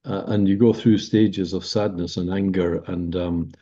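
A man's voice: sits low, steady tone, measured pace, dark tone. An older man, a business leader, answering interview questions thoughtfully, with hesitant restarts. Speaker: podcast guest, senior business leader. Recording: dull lo-fi sound.

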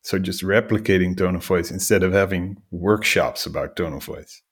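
Deep, husky-voiced male host. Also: normal speed. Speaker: podcast host. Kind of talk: casual conversational interview.

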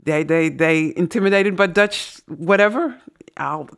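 A woman co-hosting a podcast, telling stories in an animated way, acting out quotes and laughing often. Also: fairly low pitch, unhurried, vocal fry. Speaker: podcast co-host. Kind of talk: casual podcast conversation.

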